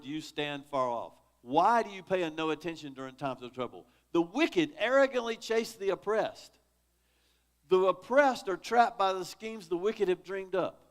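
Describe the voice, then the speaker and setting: A man leading a church Bible study, teaching in a conversational, dramatic way and reading scripture with feeling. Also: high voice. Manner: dramatic, conversational, rises sharply on quoted laments.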